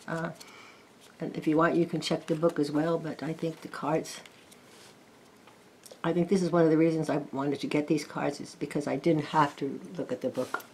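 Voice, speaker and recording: An older woman gently chatting as she flips through and reviews a deck of oracle cards, with admiring asides. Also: low-pitched, a little hiss or hum. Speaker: tarot card reviewer. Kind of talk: casual card flip-through chat.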